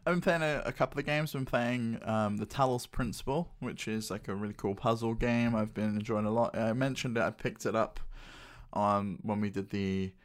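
A man co-hosts a gaming podcast, and his voice sits a bit low. He talks about games in a relaxed, easygoing way, with the odd swear word. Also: normal speed. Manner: relaxed, chatty, mildly sweary. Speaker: podcast co-host. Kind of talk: casual podcast chat.

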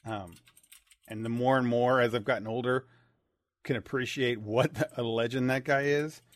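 A man co-hosts a podcast in casual conversation, speaking at a medium pitch and normal speed with fairly even intonation. He often stumbles and restarts, looping back to complete his thoughts. The sound is dry and close-miked, with no room sound.

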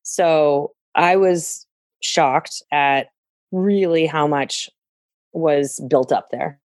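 Guest woman, low-pitched, candid and self-deprecating, dry close recording. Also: extremely slow, a little mellow, dry recording. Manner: candid, reflective, laughs at herself. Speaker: interviewee, organizing client. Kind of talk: casual podcast interview.

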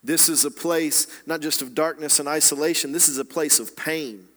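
Man, pastor, sermon, bright higher voice, hushed then soaring delivery, long hall reverb. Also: normal speed. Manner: dynamic preaching, dropping to hushed tones and rising to loud exhortation.

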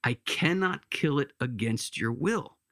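A man voicing a calm, firm male angel of fire who speaks patiently. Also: medium pitch, a little slow.

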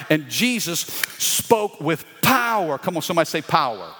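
A man's voice: a little high, sing-song, normal speed, pushed and bright. A male pastor preaching a sermon with call-and-response and folksy asides. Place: church sanctuary. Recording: long hall reverb.

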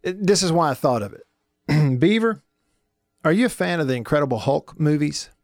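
A man hosting a radio show, telling stories in a folksy, animated way and laughing often. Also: fairly high pitch, moderate pace, no echo, studio quality. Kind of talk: casual radio talk and storytelling.

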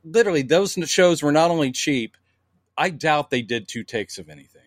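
A man's voice: a little high, fairly quick, no echo. A man co-hosting a podcast, chatting casually about old comedies and acting out quoted bits. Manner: animated, acts out quoted lines with laughs. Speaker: podcast co-host.

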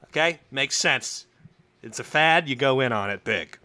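A man co-hosting a comedy podcast, telling a story in a loose, profane, drawn-out way. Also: medium pitch, animated, bright, forceful tone, dry recording.

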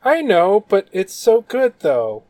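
A man's voice: high voice, huge pitch swings, slow, dark tone, no room sound. A man co-hosting a casual podcast, jokey with sarcastic asides. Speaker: podcast co-host. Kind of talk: casual chat.

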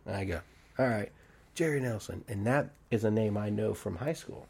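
A man's voice: on the low side, fairly quick, gravelly, slightly rough. A young adult man, a barbershop podcast host, tells a rowdy story in casual chat, swearing freely and acting out the other people's lines. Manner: animated, profane, acts out quoted voices. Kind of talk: casual storytelling among friends.

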